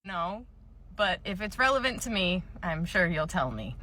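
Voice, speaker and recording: Young female comic storyteller, bright tone, dry sarcastic delivery. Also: lowish voice, moderate pace. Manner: deadpan, sarcastic. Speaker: comedy creator, former store cashier. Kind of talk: comedic storytime skit.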